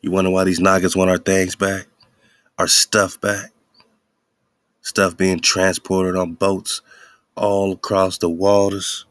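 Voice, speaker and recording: A man's voice: sits low, completely flat delivery, slow, pauses often, a bit bright, no room sound, clean studio sound. A male radio host giving casual, heated commentary, slangy and preachy.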